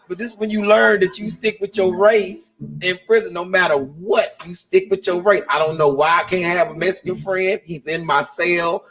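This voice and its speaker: Animated, high-pitched male stand-up comic. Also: moderate pace, few pauses, soft background music, low-quality recording. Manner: animated, laughs through his lines, acts out other people's voices. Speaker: comedian. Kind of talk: stand-up storytelling.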